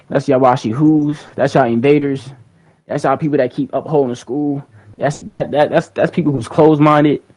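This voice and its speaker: A young man talking loosely on a livestream, his voice at an ordinary middle pitch. He rambles in slang, repeats himself and talks straight to his chat from a streaming mic at his computer. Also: darkish tone, low-quality recording. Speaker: livestream host.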